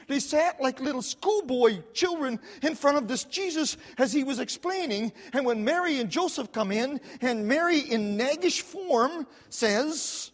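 A man preaching a sermon, telling the story with lively repetition and quick asides, recorded in a church sanctuary. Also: very high voice. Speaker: pastor. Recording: long hall reverb.

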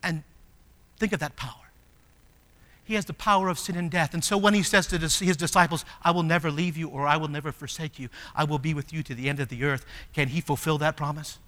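A man preaching a sermon as pastor, moving from soft, low passages to loud, emphatic ones. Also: steady tone, fast talker. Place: church sanctuary. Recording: long hall reverb.

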